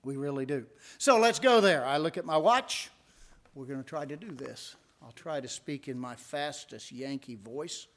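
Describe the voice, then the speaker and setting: Middle-aged man, preaching a sermon, slightly high voice, conversational, builds to emphatic peaks. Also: animated, moderate pace, a bit bright. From United States. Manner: conversational, asks the congregation rhetorical questions; rises to emphatic peaks on key points. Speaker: pastor.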